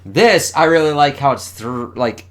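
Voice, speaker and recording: A man casually reviewing a comic issue, excitable and profane, rambling as he reacts to the panels. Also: mid-range voice, a little slow.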